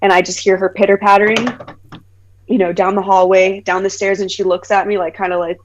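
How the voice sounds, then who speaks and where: A woman in her thirties, a guest on a podcast, tells a personal story. She is animated and leans on "like" as a filler. When she quotes people she acts out their voices, jumping higher in pitch. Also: fairly quick, lo-fi sound. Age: 30s.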